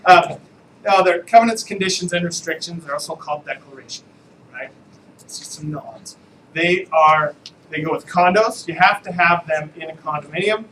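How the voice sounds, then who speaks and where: A man's voice: sits high, moderate pace, a bit bright, slight background noise, low-quality recording. A man, an attorney, giving a casual, joking live training talk to real estate agents and asking the room questions.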